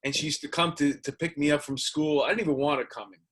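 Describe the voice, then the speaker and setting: Man, interview host, relaxed and joking, fairly high voice. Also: fast. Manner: laid-back, laughs often, joking. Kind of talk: casual interview chat.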